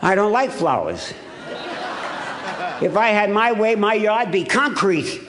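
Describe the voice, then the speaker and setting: A man's voice: sits high, animated, slow, noisy background. A man in his seventies from Ohio, giving a humorous, blunt, earthy recovery talk as a speaker at a meeting in a hotel ballroom. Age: 70s.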